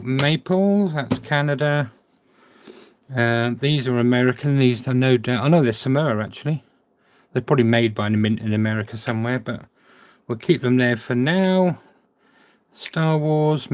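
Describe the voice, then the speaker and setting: A man's voice: mid-range voice, a little mellow. A man with a mid-range voice talks casually to himself and his viewers as he sorts things, chatty and a little scattered. A faint hiss and the small clicks of coins sit behind him. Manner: chatty, thinking aloud, muttering to himself. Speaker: coin collector vlogger. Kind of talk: casual narration while sorting.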